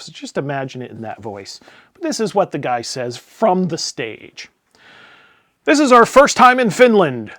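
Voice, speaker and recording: A man rants in a casual, profane way, swinging from loud exasperated outbursts to sarcastic muttered asides. His voice sits a little high for a man. The sound is dry and close, with no room around it. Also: dry recording. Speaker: tabletop game publisher ranting. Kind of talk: casual spoken rant.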